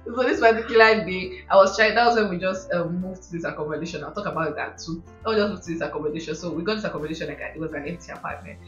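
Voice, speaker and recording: A young woman, the host's sister appearing as a guest, tells stories in casual chat with a lowish voice, rapid-fire and hardly pausing. She's an expressive storyteller who mimics accents and how others talk, laughing often. The sound is roomy and dull, with faint music.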